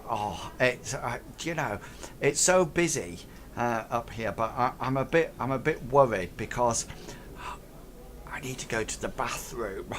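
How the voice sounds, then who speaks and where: A man voicing a dim, fretful male space goblin guard in a plaintive, high-pitched voice. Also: lively intonation, unhurried, fairly bright tone, slight background noise.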